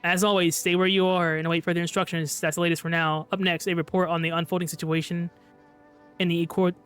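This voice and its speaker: A man reading as a rapid-fire news anchor. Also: on the high side, level tone, fairly bright tone, clear, resonant tone, soft background music, lightly acted. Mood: formal. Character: brisk male news anchor on game radio.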